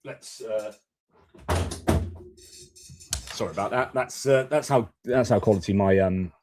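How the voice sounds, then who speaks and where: A man's voice: lowish voice, measured pace, over music. A man hosting a geopolitics live stream from his home studio, talking in a chatty, opinionated way with frequent fillers.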